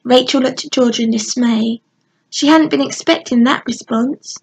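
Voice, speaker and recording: A woman narrating a children's storybook in a gentle, expressive bedtime reading. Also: sits high, normal speed, gravelly, breathy edge, rough recording. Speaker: audiobook narrator.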